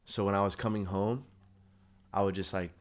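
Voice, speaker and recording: Young man, podcast guest, laid-back, rambling, low-pitched, easy laughter. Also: steady tone, normal speed. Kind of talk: casual chat.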